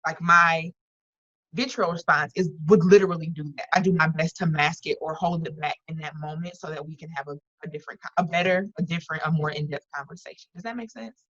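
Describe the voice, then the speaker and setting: A woman's voice: low voice, steady tone, fast talker, fairly bright tone, dry recording, muffled recording. A woman leading an online workshop, talking earnestly and conversationally with frequent restarts and fillers over a video call. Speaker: workshop facilitator.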